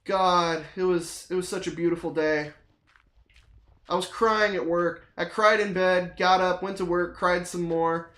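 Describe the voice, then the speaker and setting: Streamer, casual chat over gameplay; profane, theatrical ranting, middle pitch; roomy echoey room. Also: fairly even intonation, a little slow, a bit bright. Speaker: streamer chatting to viewers. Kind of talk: casual rambling chat while playing a game.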